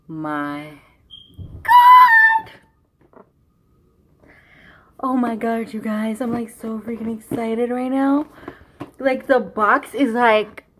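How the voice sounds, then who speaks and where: A young woman, gushing excitedly through a beauty unboxing vlog and repeating "y'all" and "oh my God". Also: mid-range voice, slight background noise. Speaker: beauty vlogger.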